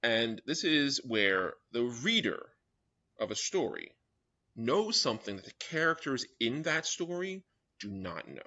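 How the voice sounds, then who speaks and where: A man's voice: mid-range voice, big pitch swings, measured pace, pushed and bright. A man teaching a young writers' workshop, explaining step by step and often checking in with "all right?". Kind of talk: classroom lecture. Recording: dull lo-fi recording.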